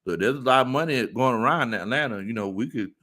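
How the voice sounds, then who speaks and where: A man hosting a casual sports talk stream, reading viewer comments aloud and laughing often. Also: quick pace. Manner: animated, laughs often, jumps into high-pitched squeals. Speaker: sports talk show host.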